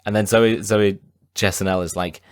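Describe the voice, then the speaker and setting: A man's voice: fairly low pitch, fairly even intonation, normal speed, smooth. A young man co-hosting a film podcast, joking in a wry, laid-back way during casual chat. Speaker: podcast co-host.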